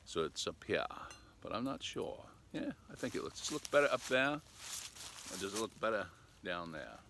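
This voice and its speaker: A man's voice: lowish voice, sing-song, moderate pace, pushed and bright, a little hiss or hum. An older man chatting casually outdoors in cold weather in a rambling, folksy way, talking to his camera. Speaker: vlogger. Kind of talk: casual outdoor vlog chat. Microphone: camera set up outdoors.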